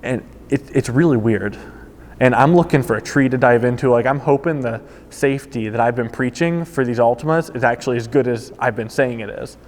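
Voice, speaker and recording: Animated man telling a story, hall reverb. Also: medium pitch, a little fast, a little hiss or hum. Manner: animated storytelling, voices quoted people. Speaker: former car salesman. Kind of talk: casual spoken anecdote.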